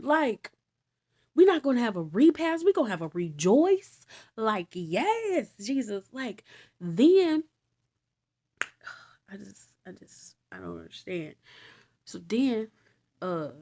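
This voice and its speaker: Animated, slangy woman storyteller. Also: a little high, slow pace, long pauses. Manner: animated, slangy, exasperated asides. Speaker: vlogger retelling Bible stories. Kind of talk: casual storytelling.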